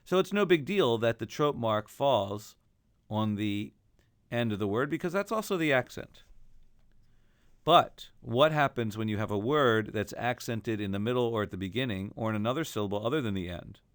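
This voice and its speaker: A man's voice: medium pitch, expressive, moderate pace, clear, resonant tone, no room sound, clean studio sound. A man teaching a recorded lesson on chanting Torah trope, explaining each mark and then singing the examples.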